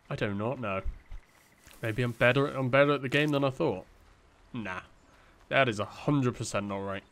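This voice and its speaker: A young man with a mid-range, fairly bright voice provides easygoing let's-play commentary. It's rambling and self-mocking, packed with fillers.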